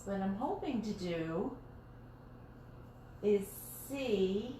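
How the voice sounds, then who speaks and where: A woman hosting a home live stream talks slowly and loosely, wandering through her thoughts and stopping to restart half-finished sentences. Her voice sits in a roomy, echoey dining room. A faint hiss of background noise runs underneath. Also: mid-range voice, expressive, warm tone. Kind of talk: casual live-stream chat while crafting.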